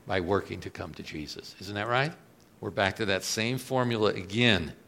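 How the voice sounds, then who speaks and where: A man preaching a sermon, moving between quiet reflective lines and loud, emphatic questions put to the congregation. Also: normal speed, vocal fry. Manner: swings from soft low asides to loud emphatic rises; asks the audience questions.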